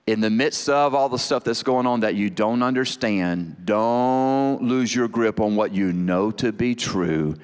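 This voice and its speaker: Fervent preacher in a hall. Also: male voice, fairly low pitch, measured pace, few pauses, clean tone. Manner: rises to fervent shouting, repeats phrases. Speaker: pastor. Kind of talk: sermon. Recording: long hall reverb.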